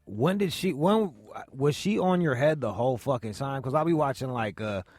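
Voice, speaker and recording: A man's voice: mid-range voice, expressive, moderate pace, darkish tone, no room sound, soft background music. A man hosting a casual radio interview, asking questions bluntly and swearing freely. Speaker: radio host. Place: radio studio. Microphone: studio mic.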